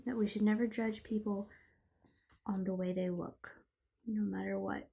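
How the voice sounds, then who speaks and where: A woman reading a bedtime storybook aloud to her child at home, expressive and playful. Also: medium pitch, moderate pace, gravelly, breathy edge.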